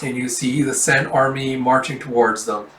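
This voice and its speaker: A man's voice: medium pitch, normal speed, slight background noise. A man casually retelling a manga volume, acting out the characters. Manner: animated, acts out every character. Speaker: manga reader. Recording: roomy, distant mic.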